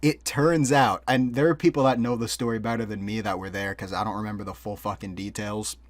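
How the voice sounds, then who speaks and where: A man's voice: fairly low pitch, fairly even intonation, brisk, no echo. A young man co-hosting a podcast and telling a story in a casual, rambling way, swearing a lot and filling his talk with "like" and "dude". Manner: profane, rambling, full of fillers. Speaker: podcast co-host.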